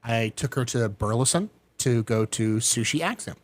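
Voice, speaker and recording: Animated storytelling man, dry sound. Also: moderate pace, no echo. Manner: animated, acts out quoted voices with big pitch jumps. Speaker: podcast guest. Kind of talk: casual storytelling.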